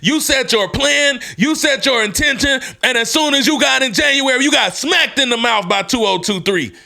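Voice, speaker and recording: Animated, bright-voiced man telling a hyped story. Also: moderate pace, creaky, faint music behind. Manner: animated, swings from hyped shouts to low somber tones. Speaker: podcast host. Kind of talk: motivational storytelling.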